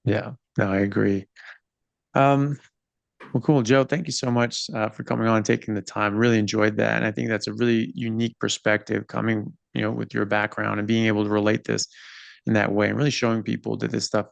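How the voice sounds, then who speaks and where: A man's voice: fairly low pitch, level tone, brisk, vocal fry, dry recording. A man hosting a podcast interview and explaining his points earnestly and with emphasis over a video call. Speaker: podcast host. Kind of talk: conversational interview.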